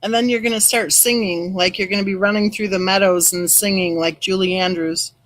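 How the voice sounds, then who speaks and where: On poor audio, a middle-aged woman hosts a casual true crime live stream, her medium-pitched voice steady in tone and a little fast. She's chatty, reading viewer comments aloud and answering each person warmly by name.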